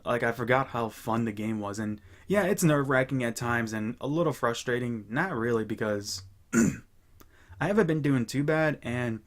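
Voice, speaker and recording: Young man, casual gaming chat, relaxed, rambling, fillers and restarts. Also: medium pitch, moderate pace. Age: young adult. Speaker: gaming channel host.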